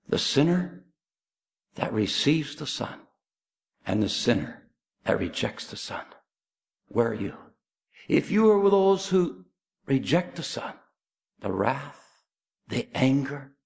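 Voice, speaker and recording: A middle-aged man preaching an evangelistic sermon, emphatic and pleading, swinging between raised and hushed delivery. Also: lowish voice, gravelly.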